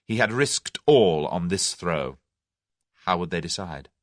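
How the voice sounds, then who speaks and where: Expressive male audiobook narrator. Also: deep voice, a little slow, no room sound, clean studio sound. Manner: expressive storytelling. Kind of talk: scripted narration.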